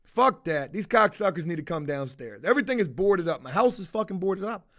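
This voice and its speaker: A man's voice: sits high, sing-song, fairly quick, a bit bright. A man telling a heated, profanity-heavy story in a casual monologue with lots of emphasis.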